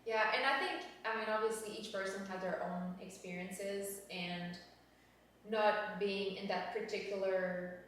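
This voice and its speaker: A woman's voice: medium pitch, steady tone, unhurried, a bit bright, far from the mic. Woman host, echoey room, faint hiss. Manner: affirming, with frequent "yeah" and "mm-hmm". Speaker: podcast host. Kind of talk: casual interview conversation.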